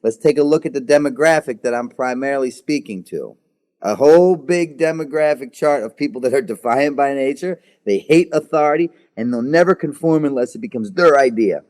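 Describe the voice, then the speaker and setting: A man's voice: mid-range voice, darkish tone. A man in his thirties, a guest in an interview, telling his own story frankly, often stumbling over repeated words before driving a point home. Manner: halting, repeats words, then intense and emphatic.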